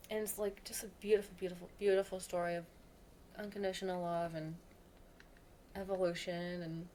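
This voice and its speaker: A woman hosts a podcast from home, speaking in a mid-range voice. She chats enthusiastically and fills her sentences with little fillers. Faint noise sits behind her voice. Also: medium pitch. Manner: chatty, filler-heavy, enthusiastic. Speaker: podcast host. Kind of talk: casual conversation.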